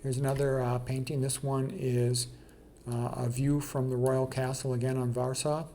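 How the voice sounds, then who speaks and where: A man's voice: mid-range voice, little pitch movement, normal speed, mellow, slight background noise. A man casually presenting an art slideshow, blunt and emphatic, with frequent "okay" and "you know".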